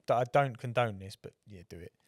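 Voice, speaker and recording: Swearing, rambling podcast co-host. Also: male voice, on the low side, a little fast, dry recording, studio quality. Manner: swears freely, tells rambling anecdotes with acted quotes. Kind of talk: casual chat.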